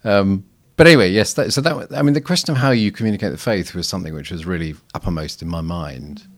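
Man, low voice, podcast guest, thoughtful and anecdotal, restarts often. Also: fast. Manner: reflective, anecdotal, frequent restarts. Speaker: guest missiologist. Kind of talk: casual podcast conversation.

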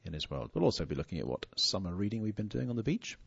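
Low-voiced husky male podcast host. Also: racing, no echo. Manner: relaxed, chuckling, reads listener questions. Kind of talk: casual podcast chat. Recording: dull lo-fi sound.

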